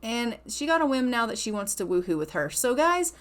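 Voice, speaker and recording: A woman narrates her life-simulation gameplay in a relaxed, chatty manner, with a slightly high-pitched voice. She slips into the characters' lines as she goes, playing both sides of each conversation. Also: brisk. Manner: casual, chatty, acts out both sides of dialogue. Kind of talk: let's play commentary voicing characters.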